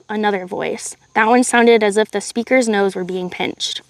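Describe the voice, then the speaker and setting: A woman reading a novel aloud on a live stream in a steady voice, with chatty asides to her viewers. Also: mid-range voice, normal speed, few pauses, no echo. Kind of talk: live read-aloud narration.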